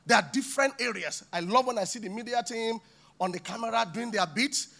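A man preaching a sermon in a church, animated and acting out little scenes with voices. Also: very high-pitched, a little fast, creaky. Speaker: pastor.

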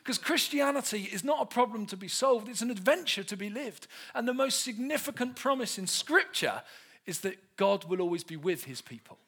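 A man's voice: high voice, animated, normal speed, a bit bright, husky. A man in his thirties preaching a humorous sermon, telling stories with self-mocking humour.

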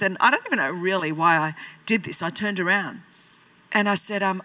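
A woman's voice: mid-range voice, moderate pace, sharp tone. A woman, preaching a sermon as a pastor and telling her own story with self-deprecating humour. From Australia. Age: 40s.

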